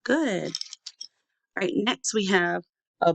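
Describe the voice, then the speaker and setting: A woman teaching a young children's phonics lesson, sounding out letters slowly and repeating handwriting chants. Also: on the low side, animated, creaky, a bit bright, dry recording. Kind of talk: early-years phonics lesson.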